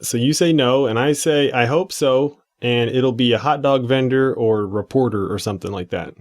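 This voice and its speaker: A man's voice: medium pitch, moderate pace. A man co-hosting a podcast in casual comedic chat, laid-back and loose, reading out answers and cursing now and then. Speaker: podcast co-host.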